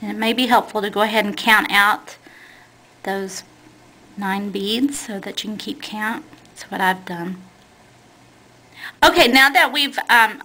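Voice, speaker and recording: A woman's voice: a little high, sharp tone, rough recording. A woman teaching a beading technique step by step, talking plainly and patiently and correcting herself as she works with her hands. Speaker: beading instructor. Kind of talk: step-by-step craft tutorial.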